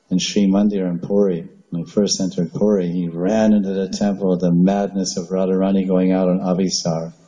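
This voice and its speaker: Low, dark-voiced man giving a devotional talk. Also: highs cut off. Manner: storytelling with asides and laughs. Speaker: spiritual teacher.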